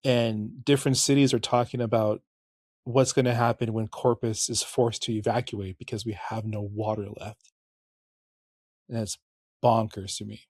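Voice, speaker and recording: Rambling, candid podcast host. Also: male voice, fairly low pitch, little pitch movement, normal speed, a little mellow, dry recording, studio quality. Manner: rambling, candid, curses, frequent restarts and self-corrections. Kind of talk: casual podcast monologue and history narration.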